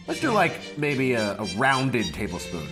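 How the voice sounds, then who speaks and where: A man's voice: medium pitch, wildly swooping pitch, a little slow, music in the background. A tipsy man hosting a cooking show, chatting casually and cracking goofy jokes as he cooks. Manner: playful, joking, goofy asides. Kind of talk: casual cooking demo chat.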